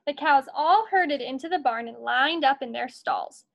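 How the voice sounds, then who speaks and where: A woman's voice: high-pitched, normal speed, creaky, lo-fi sound. A woman teacher reading a picture book aloud to her students in an encouraging, storytelling manner.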